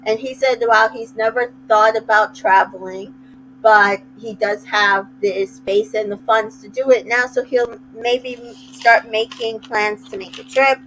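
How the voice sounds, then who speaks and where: A woman's voice: fairly high pitch, fairly even intonation, a little slow, a bit bright, slight background noise, poor audio. A woman casually recapping a reality show, chatty and retelling scenes with little quoted asides. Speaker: recap host.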